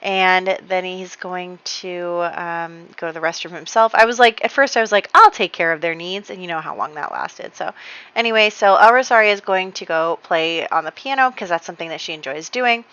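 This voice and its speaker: A woman's voice: fairly low pitch, normal speed, a bit bright, clean tone, dry recording. A young woman casually narrating her life-simulation game, chatty and giggly with lots of fillers. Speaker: gaming channel host. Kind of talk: casual let's-play narration. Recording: slightly dull lo-fi dry voice.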